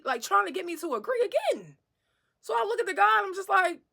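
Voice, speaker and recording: A young woman telling a casual storytime, animated and swearing freely, laughing as she goes. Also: very high-pitched, moderate pace, creaky, long pauses.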